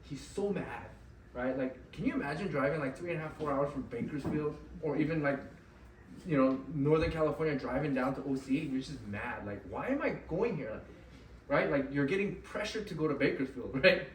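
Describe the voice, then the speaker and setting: A man telling a story live to an audience at an event, animated and often checking in with "right?". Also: on the high side, a little fast, slight background noise. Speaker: motivational speaker at an event. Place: event venue. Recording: echoey room, mic at a distance, faint ambience.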